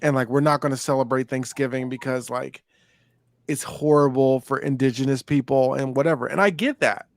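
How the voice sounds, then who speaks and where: A man's voice: medium pitch, steady tone, fairly quick, gravelly, no room sound, studio quality. A young man co-hosting a casual chat podcast, talking in a laid-back, rambling way with lots of fillers and restarts. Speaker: podcast co-host.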